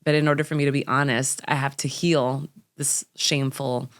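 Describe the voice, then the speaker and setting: A woman's voice: extremely low pitch, level tone, moderate pace. A young adult woman from the United States, a podcast guest speaking candidly and reflectively about personal experience. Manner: reflective, openly personal storyteller.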